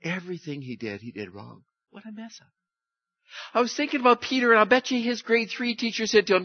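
A man preaching an Easter sermon, telling stories with lively, acted-out voices. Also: a little fast, no room sound, highs cut off. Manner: animated storytelling, acting out voices with big pitch jumps. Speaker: pastor.

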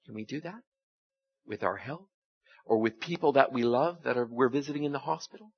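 A man's voice: mid-range voice, a little fast, a little hiss or hum. A man giving a conversational sermon as a pastor, folksy in manner and often asking the congregation rhetorical questions. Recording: dull lo-fi recording.

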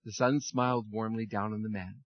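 A man leading a children's message in church, speaking in a friendly, animated way to children and reading them a story. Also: lowish voice, normal speed, dull audio.

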